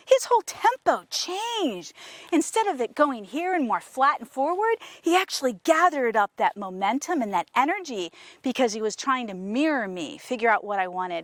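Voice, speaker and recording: A woman trainer working a horse outdoors, her voice sitting a little high and swinging through a wide, lively range. She switches between gentle coaxing praise for the animal and excited explanations to the camera. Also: no echo. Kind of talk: casual training vlog talking to camera and horse.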